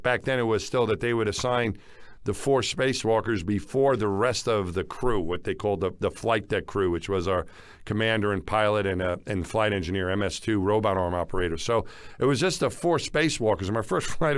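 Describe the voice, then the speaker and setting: A man in his fifties co-hosting a podcast, recounting stories with lively, animated energy in a casual chat. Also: fairly low pitch, smooth, no room sound. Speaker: podcast co-host.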